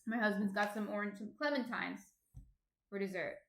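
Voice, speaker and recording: A chatty woman with a New Jersey accent hosts a casual cooking stream from home, laughing often. Her voice sits at an ordinary middle pitch. The room gives it a noticeable echo. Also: brisk. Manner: chatty, laughs often, reads out chat messages. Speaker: stream host, baker. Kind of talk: casual live-stream chat. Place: home apartment. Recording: roomy echo.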